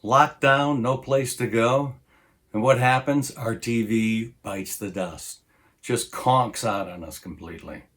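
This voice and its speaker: A man's voice: lowish voice, measured pace. A man, a stand-up comedian, telling a story in a laid-back monologue.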